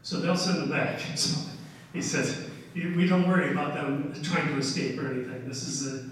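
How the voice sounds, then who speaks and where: A man's voice: fairly high pitch, fairly even intonation, moderate pace, a bit bright, a little hiss or hum. An older man giving a casual slide lecture on history, telling stories with many "uh"s and "okay"s. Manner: folksy storytelling with many "uh"s and "okay"s. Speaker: history presenter. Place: large echoey hall. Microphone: distant room mic. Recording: echoey hall recording from far off.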